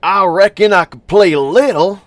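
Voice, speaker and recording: A man's voice: high-pitched, moderate pace, no echo, voice pushed up, close to an everyday voice. A man doing a drawling fake-Southern young guy. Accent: fake American Southern.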